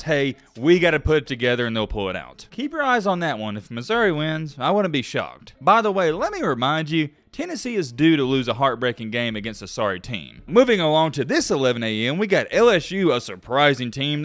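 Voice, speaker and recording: A man's voice: a little high, a bit bright, no echo. A young man hosting a college football preview, hyped, playful and trash-talking. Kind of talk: energetic sports commentary.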